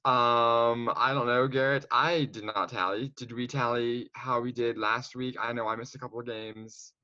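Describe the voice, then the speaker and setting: A man's voice: medium pitch, steady tone, moderate pace, sharp tone, no room sound. Co-host: an easygoing man, casual sports chat, dull lo-fi mic in a dead, dry room. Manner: easygoing, conversational.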